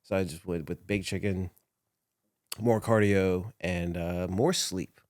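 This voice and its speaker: Recalling his wrestling days in a relaxed, storytelling interview, a man laughs frequently and grows emotional. He speaks slowly and steadily in a low, slightly mellow voice, recorded cleanly in a studio with no room sound.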